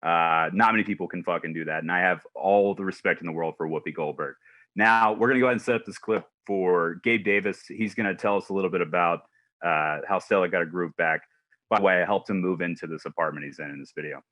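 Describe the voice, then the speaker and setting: Deep-voiced blunt man co-host. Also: fast talker, sharp tone, dry recording. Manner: blunt, swears casually. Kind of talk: casual show hosting.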